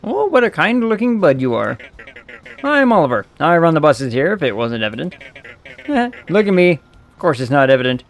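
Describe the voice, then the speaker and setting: A man's voice: a little high, very animated, normal speed, voice pushed up. A man voicing a friendly, chatty male bus depot keeper who rambles in a folksy way, read aloud from a video game.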